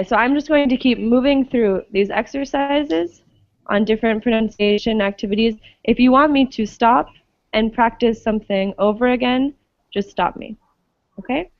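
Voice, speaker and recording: A woman's voice: on the high side, no echo, muffled recording. A woman teaching an English pronunciation class, patiently explaining and often checking understanding with "okay?".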